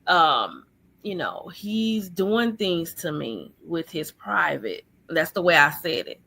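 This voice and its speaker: A woman guest recounting her childhood in an earnest, halting way, full of fillers, over a video call. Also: deep voice, big pitch swings, vocal fry, bright, forceful tone, breathy edge. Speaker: guest sharing her life story. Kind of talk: personal testimony in an interview.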